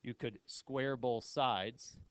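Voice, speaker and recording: A man's voice: medium pitch, slow pace, poor audio. A male math teacher giving a classroom lecture in a casual, joking way and asking the class questions.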